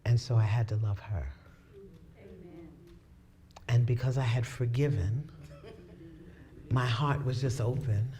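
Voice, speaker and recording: A woman on a talk show telling a personal story of forgiveness, laughing often, acting out her own thoughts and sometimes dropping to a hushed near-whisper. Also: a bass voice, fairly even intonation, takes it slowly, long pauses. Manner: drops to hushed near-whispers at tender moments.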